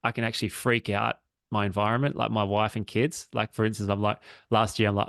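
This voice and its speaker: A man's voice: on the low side, little pitch movement, a little fast, vocal fry, a bit bright, clean tone, no echo, clean studio sound. A man chatting casually and reflectively on a podcast, swearing freely. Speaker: podcast co-host. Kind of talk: casual chat.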